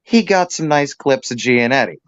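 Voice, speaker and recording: A man's voice: mid-range voice, animated, moderate pace, clean tone, no room sound. Profane, jokey man on a muffled stream. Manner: profane, jokey, slips into put-on accents. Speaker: panel guest. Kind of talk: casual stream chat.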